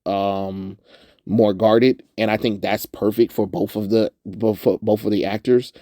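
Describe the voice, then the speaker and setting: Fairly low-pitched, dark-toned, and a little slow with a level delivery, this young suburban Southerner rambles through a casual movie review, full of "um"s and frequent laughter. The studio-quality recording has no room sound.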